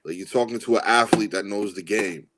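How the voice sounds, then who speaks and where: A man co-hosting a podcast rants emphatically in casual chat, repeating "like, bro" and telling people to stop. His voice is on the low side and a little fast, with a noisy background.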